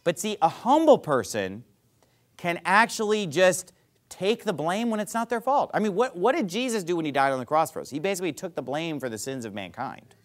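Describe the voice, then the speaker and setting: Male pastor preaching a sermon, slightly high voice with a very lively, rising-and-falling delivery, asks rhetorical questions and goes soft to act out apologies. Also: fairly quick.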